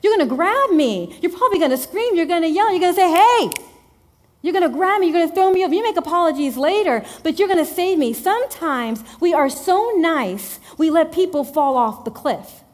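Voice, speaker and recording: A woman preaching a sermon in a lively, conversational way, repeating phrases for emphasis. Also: very high-pitched, a little fast, hardly any pauses.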